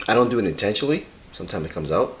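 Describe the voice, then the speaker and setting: A man's voice: on the low side, big pitch swings, rapid-fire, slight background noise. A man with a Boston accent, co-hosting a podcast and telling stories in a rambling, hesitant way with many fillers. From Massachusetts. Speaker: podcast co-host. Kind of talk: casual chat.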